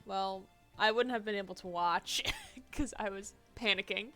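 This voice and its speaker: A woman's voice: mid-range voice, normal speed, fairly bright tone, faint music behind. A young woman streaming a game, chatting casually and laughing often. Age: young adult. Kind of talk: casual let's-play chat.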